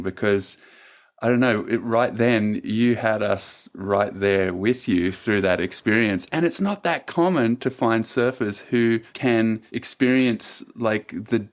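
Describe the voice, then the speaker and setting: A man hosting a podcast who speaks in an appreciative, thoughtful way, pausing a little as he searches for words. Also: on the low side. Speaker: podcast host. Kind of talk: casual interview chat.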